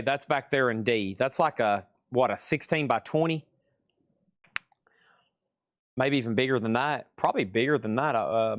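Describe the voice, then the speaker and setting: A man's voice: mid-range voice, no room sound, clean studio sound. Chatty Southern man selling records live. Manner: chatty, rambling, self-correcting. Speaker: live-stream record seller. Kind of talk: casual live sales patter.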